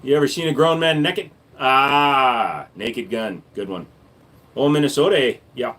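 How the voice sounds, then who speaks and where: He has a medium-pitched, fairly bright voice and keeps a measured pace. Reading through his chat on a casual livestream, he answers viewers with profane, blunt jokes.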